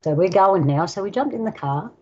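A woman's voice: mid-range voice, lively intonation, a little fast, a little mellow, breathy edge. An older Australian woman with an Australian accent, a guest telling personal stories vividly, acting out sounds and quoting voices. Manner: vivid storyteller, acts out sounds and quotes. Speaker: guest elder. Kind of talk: personal storytelling. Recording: dull lo-fi recording.

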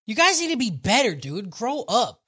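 A man's voice: very high-pitched, sing-song, normal speed, bright, forceful tone, slightly rough, pitched above the performer's own voice, heavily acted. A man quoting a cocky, dismissive young hero. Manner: swaggering, dismissive slang.

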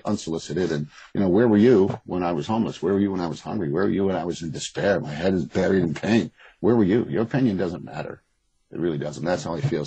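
Male interview guest, low husky voice, fast and blunt. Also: warm tone, no echo, low-quality recording. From Boston area. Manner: rambling, frank, swears freely. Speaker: author and guest. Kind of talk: casual interview conversation.

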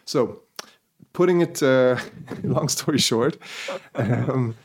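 A man's voice: medium pitch, takes it slowly, slight background noise. A man hosting a casual podcast chat. He tells a long story in a rambling way and keeps checking in with his listeners as he goes. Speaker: podcast host.

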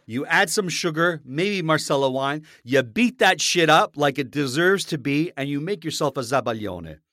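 Blunt animated man, dry close mic. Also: on the high side, normal speed, no echo. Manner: animated, blunt, swears casually. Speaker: podcast co-host. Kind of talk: casual food podcast chat.

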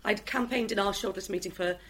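A woman's voice: mid-range voice, brisk, fairly bright tone. A woman with a Welsh accent chatting casually and rambling, with many ums and restarts. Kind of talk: casual chat.

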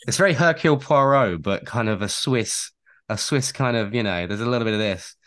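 A young man with a very low, deep voice, co-hosting a podcast. He talks in a chatty, rambling way full of self-deprecating asides. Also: expressive, fairly quick, a bit bright. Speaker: podcast co-host and actor. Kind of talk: casual chat.

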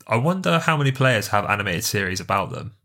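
A man's voice: on the low side, sing-song, fast, bright, forceful tone. A man co-hosting a football podcast in casual chat, telling jokey stories and swearing freely. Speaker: podcast co-host.

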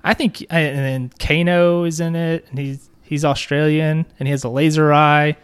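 A co-host chatting casually in a deadpan way, enthusing about movie trailers. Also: mid-range voice, moderate pace, smooth. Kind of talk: casual chat.

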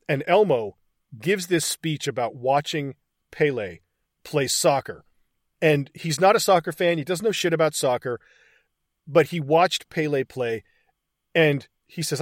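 Retelling film scenes with plenty of profanity and enthusiasm, a man hosts a casual movie-recap podcast. He speaks on the high side and a little slowly, captured in a dry, studio-quality recording.

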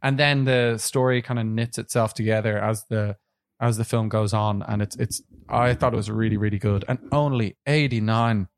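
A man co-hosting a relaxed podcast, reviewing films in loose conversation. He talks in a rambling, halting way, full of fillers and restarts. The sound is dry and close, with no room around it. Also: on the low side, clean tone, no room sound. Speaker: podcast co-host. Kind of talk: casual film review chat.

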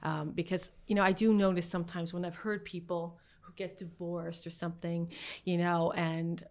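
A middle-aged woman guest on a podcast, telling funny family stories in a casual, animated way, laughing often and acting out what relatives said. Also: fairly low pitch, moderate pace. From Canada. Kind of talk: casual storytelling interview.

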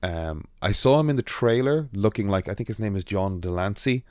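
A man's voice: lowish voice, expressive, fairly quick, a little mellow, no echo, clean studio sound. A man co-hosting a podcast in casual chat, rambling with frequent ums and restarts. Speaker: podcast co-host.

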